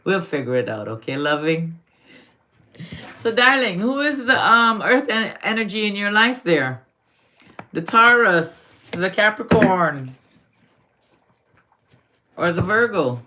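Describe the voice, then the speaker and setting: A woman's voice: medium pitch, sing-song, pushed and bright, slight background noise. A woman from Guyana giving astrology readings to viewers on a live stream, affectionately calling them darling. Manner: affectionate, calls viewers darling, slow and drawn-out.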